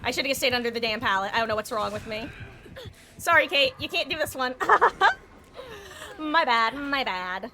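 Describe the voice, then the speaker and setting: A woman's voice: a little high, animated, normal speed, background noise. A woman streaming a game live, chatting casually to viewers in a rambling way, laughing often and correcting herself. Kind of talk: casual live-stream chat while gaming.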